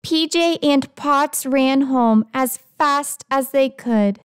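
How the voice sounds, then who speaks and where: A woman's voice: sits high, fairly even intonation, slow pace, few pauses, clear, resonant tone, no room sound, studio quality. A young adult woman reading a children's book aloud in a friendly storytelling manner. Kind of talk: children's read-aloud narration.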